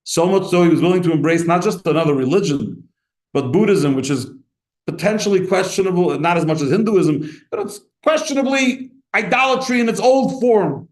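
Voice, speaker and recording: A male rabbi delivers a lively, impassioned sermon in a slightly higher voice than most men. He acts out little exchanges as he goes. The room around him rings with echo. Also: a little fast. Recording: echoey room.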